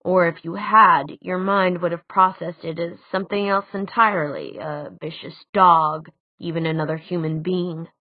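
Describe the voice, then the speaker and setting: Woman voicing a grave older man, audiobook tutor, low quiet delivery, slow and measured, tinny dry sound. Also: fairly even intonation, dry recording, natural voice. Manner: quiet, slow, deliberate speech.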